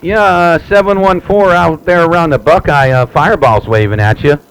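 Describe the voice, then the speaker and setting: A man chatting on a CB radio from his home station, relaxed and repetitive, with many fillers. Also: on the high side, moderate pace, heavy background noise. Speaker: CB radio operator. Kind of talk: live radio chat. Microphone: radio transceiver mic.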